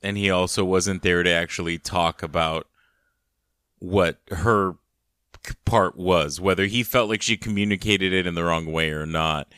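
Deep-voiced man podcast co-host. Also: fairly even intonation, moderate pace, a bit bright, clean tone, dry recording, clean studio sound. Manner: reacts with short interjections, low-key. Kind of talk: casual chat.

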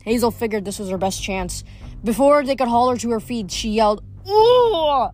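A woman reading a novel aloud, expressive, with small slips now and then. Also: fairly high pitch, fairly quick. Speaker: audiobook reader.

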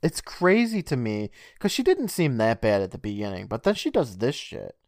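A man's voice: mid-range voice, normal speed, no room sound, clean studio sound. A man co-hosting a podcast, talking loosely and swearing in casual chat. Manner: animated, loose and profane. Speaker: podcast co-host.

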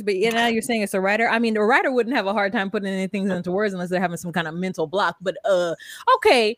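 A woman's voice: medium pitch, quick pace, dry recording. A woman co-hosting a podcast, recapping a reality show in casual chat, laughing often and putting on dramatic voices for quotes. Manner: animated, laughs often, mock-dramatic voices when quoting. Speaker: podcast co-host.

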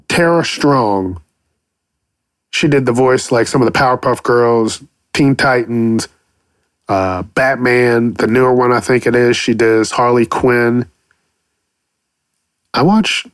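A podcast host muses on voice acting in a casual solo monologue, rambling, cursing freely and slipping into playful silly voices. His voice is medium-pitched and the sound is clean studio quality with no echo.

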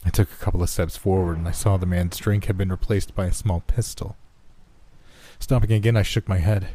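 A man reads a first-person horror story in a measured, tense way. His voice is very low and dark. The recording is close and dry, with no room echo. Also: steady tone. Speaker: narrator.

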